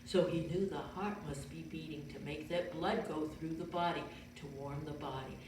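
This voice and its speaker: A woman telling a Bible story to children in a gentle storytelling manner, explaining as she goes and asking her listeners questions. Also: deep voice, fairly even intonation, normal speed. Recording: very echoey room, far from mic, faint noise.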